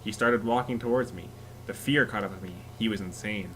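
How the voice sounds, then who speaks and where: A man's voice: on the low side, fairly quick, fairly bright tone, slight background noise, rough recording. A man reading a scary story aloud to friends, often laughing and stopping to joke about it. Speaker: story reader.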